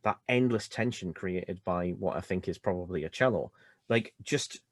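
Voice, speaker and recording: Low voiced guy breaking down film scenes, calm and thoughtful, dry close sound. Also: moderate pace, dry recording. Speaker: podcast co-host. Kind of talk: casual chat about films.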